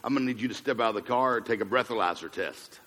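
A man's voice: mid-range voice, quick pace, fairly bright tone, pitched below the performer's own voice, close to an everyday voice. A man voicing a male police officer at a traffic stop, speaking in a matter-of-fact way. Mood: stern. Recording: long hall reverb.

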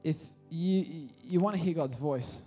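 High-voiced man preaching at kids church. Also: unhurried, dark tone, far from the mic, faint music behind. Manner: casual, repeats and restarts, builds to passionate appeals. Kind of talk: sermon. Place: church hall.

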